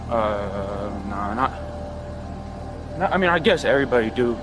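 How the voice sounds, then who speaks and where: A detained man answering an officer in a subdued, halting way. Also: on the low side, animated, over loud music.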